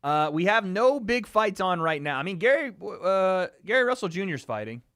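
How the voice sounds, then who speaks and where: A man's voice: sits high, very animated, fairly bright tone, clear, resonant tone, no echo, studio quality. A man hosting a casual livestream, joking and swearing while chatting with his viewers. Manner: joking, profane, quick asides to chat. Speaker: livestream host. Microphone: streaming microphone.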